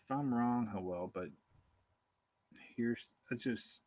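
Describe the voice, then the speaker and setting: Rambling, husky-voiced man chatting live. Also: mid-range voice, takes it slowly, a little mellow, poor audio. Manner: casual, chuckling, talks through hesitations and reads comments aloud. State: hungry and tired. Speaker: beekeeping livestream host. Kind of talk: rambling live-stream chat. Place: outdoors.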